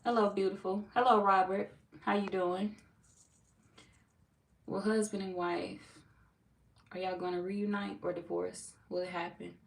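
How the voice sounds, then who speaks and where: A woman tarot reader from Missouri, talking loosely to her live chat. She is blunt and joking and swears now and then. She sits back from the mic in an echoey room, with clear noise under her voice. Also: mid-range voice, little pitch movement, measured pace, long pauses, distant mic. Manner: blunt, playful, swears freely, laughs often. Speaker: tarot reader hosting a livestream. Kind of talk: casual livestream chat reading viewer comments.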